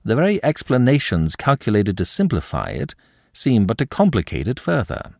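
A man reading a measured, ironic young Frenchman in a story. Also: medium pitch, huge pitch swings, creaky, a little mellow, no room sound, clean studio sound, pitched above the performer's own voice, heavily acted. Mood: wry. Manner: measured, wry.

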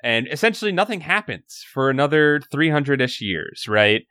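A man in casual podcast chat, recapping a story with lots of laughter and swearing. His voice is bright and his pitch swings freely. The sound is close and dry. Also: moderate pace, no room sound. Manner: animated, laughing, swearing often. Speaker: podcast co-host.

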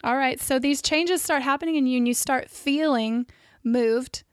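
A woman's voice: high voice, moderate pace, no room sound, studio quality. Chatty woman interviewer, laughs easily. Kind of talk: casual faith conversation.

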